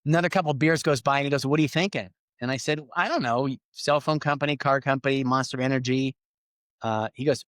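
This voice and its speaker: Animated middle-aged male storyteller. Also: medium pitch, fast, smooth, no echo. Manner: animated storyteller, acts out quoted lines. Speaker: podcast guest. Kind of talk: casual storytelling interview.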